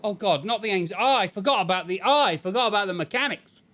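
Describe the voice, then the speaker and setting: A man chatting his way through a video game stream, joking and reacting with disbelief. His voice sits a bit high and moves in a lively way. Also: quick pace. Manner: joking, incredulous, laughs often. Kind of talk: casual gameplay commentary.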